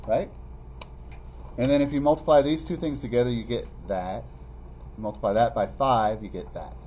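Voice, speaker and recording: A man teaching a math review lesson in a classroom, playfully teasing students and calling them by name. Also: normal speed. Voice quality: animated, pitch jumping high when teasing students. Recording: faint classroom noise.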